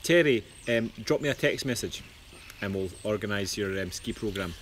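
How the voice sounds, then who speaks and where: A man's voice: fairly low pitch, expressive, moderate pace, a little hiss or hum. A Scottish man in his thirties co-hosting a live stream, bantering easily in casual chat. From Scotland. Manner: easygoing, banters with co-host.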